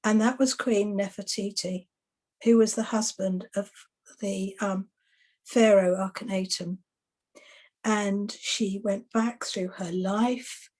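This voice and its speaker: A woman's voice: medium pitch, slow pace. A woman who works as an exorcist and soul rescuer, casually telling anecdotes about her past client sessions. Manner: relaxed, chatty, recounting past client sessions.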